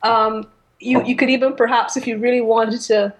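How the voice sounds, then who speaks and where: A woman's voice: a little high, little pitch movement, moderate pace. A woman co-hosting a podcast, retelling a story in casual talk with many fillers and restarts. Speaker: podcast co-host. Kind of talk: casual book discussion.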